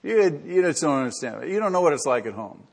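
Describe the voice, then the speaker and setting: A man's voice: on the high side, very animated, fast, gravelly, a little mellow, slightly rough, heavily acted. Man voicing a whiny excuse-making churchgoer. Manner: complaining, defensive.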